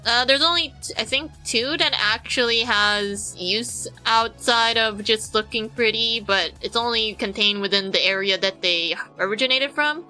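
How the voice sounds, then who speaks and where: A woman's voice: on the high side, normal speed, few pauses, pushed and bright, faint music behind, low-quality recording. A woman streamer giving casual gameplay commentary, rambling through explanations to her chat.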